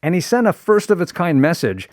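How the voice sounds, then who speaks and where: A man's voice: high-pitched, big pitch swings, a little fast, no echo. A man presenting a segment on a radio talk show, explaining things in a playful, storytelling way from a studio microphone.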